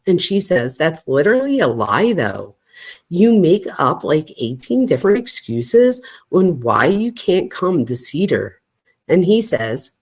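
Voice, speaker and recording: A woman with a lowish voice reads a string of text messages aloud on her true crime channel. Her pitch rises and falls widely as she stops to react with gasps and shocked asides. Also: darkish tone.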